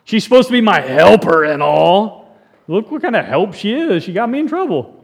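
A whiny, defensive first man who insists nothing is his fault, as a preacher puts him on. The voice sits high and lifts higher still as he whines. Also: very animated, moderate pace, gravelly, husky, exaggerated voice. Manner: whining, laughing, blame-shifting.

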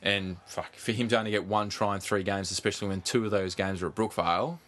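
A man co-hosting a casual sports podcast, animated, swearing freely and pushing on through interruptions. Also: lowish voice, quick pace. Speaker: podcast co-host.

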